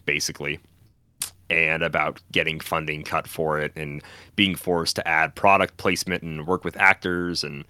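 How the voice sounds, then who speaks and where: Podcast co-host, man, low bright voice, rambling chatty delivery, dry close mic. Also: clean tone, no echo. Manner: rambling, animated storytelling with acted-out quotes. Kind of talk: casual chat.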